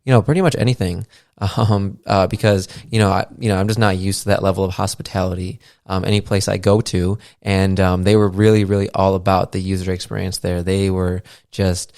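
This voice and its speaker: Man, 30s, podcast host, very low voice, dry close mic, rambling with ums. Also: completely flat delivery, normal speed, gravelly, darkish tone, dry recording. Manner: loose and chatty, heavy fillers, swears casually. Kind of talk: casual rambling monologue. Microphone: podcast mixer setup.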